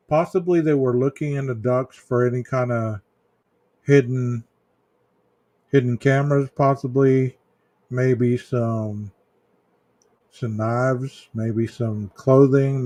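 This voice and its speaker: A man hosting a true crime livestream, chatting casually with viewers in a slow, rambling way full of ums and restarts. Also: mid-range voice, darkish tone, no echo. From Texas. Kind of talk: casual livestream chat reading viewer comments.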